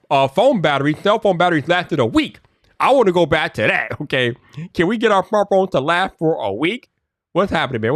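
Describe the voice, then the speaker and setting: A man's voice: fairly high pitch, no room sound, studio quality. A man hosting a casual tech live stream and chatting to viewers' comments. He talks in loose slang, stumbles over repeated words and grows exasperated when things glitch.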